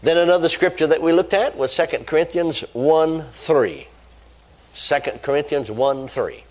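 A man's voice: a little high, expressive, moderate pace, a little mellow. A man preaching a sermon, reading scripture aloud and driving points home with repeated phrases and fervent exclamations. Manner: reads scripture aloud then stresses points with rising emphasis.

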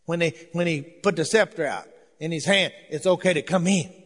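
An older man preaching a sermon as pastor, fervent and rising to shouts. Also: fairly high pitch, fairly quick. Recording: long hall reverb.

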